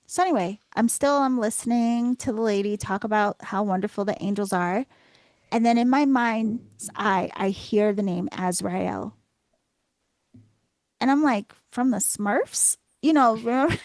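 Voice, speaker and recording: A woman's voice: a little high, moderate pace, darkish tone, no echo. Woman podcast host, casual storytelling, acts out her reactions, dry close sound.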